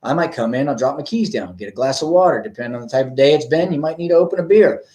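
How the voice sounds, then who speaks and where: A man, a dog trainer, explaining in a relaxed, rambling way with frequent ums and asides to viewers. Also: mid-range voice, rapid-fire. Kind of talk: casual instructional talk.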